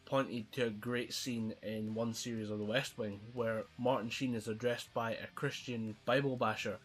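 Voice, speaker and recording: Animated joking man on a podcast. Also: medium pitch, moderate pace, faint music behind. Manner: animated, joking, swears freely. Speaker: podcast co-host. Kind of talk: casual chat.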